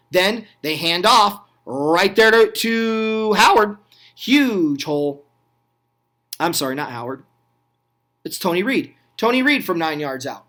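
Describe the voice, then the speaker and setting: A man giving casual play-by-play voice-over on old football clips. He talks in an excited, chatty way, asks the viewer questions, and makes small slips and corrections. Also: high-pitched. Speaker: host of a retro football review channel.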